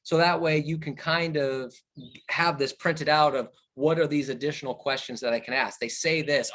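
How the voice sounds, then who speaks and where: Animated man running a sales training. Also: fairly high pitch, normal speed. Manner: animated, varies tone and speed to demonstrate questions. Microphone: video call.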